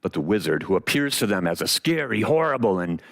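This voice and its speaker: Man preaching, tells the story with big swoops in his voice and dramatic pauses. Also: fairly low pitch, sing-song, creaky, fairly bright tone. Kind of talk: sermon storytelling.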